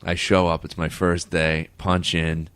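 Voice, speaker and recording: A man's voice: deep voice, little pitch movement, a little slow, a bit bright, clean tone. A man, a comedian, telling blunt, self-mocking stories in casual chat.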